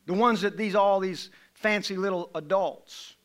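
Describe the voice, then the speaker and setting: A middle-aged man preaching a sermon, swinging from low, quiet passages to loud, raised ones. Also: moderate pace, few pauses.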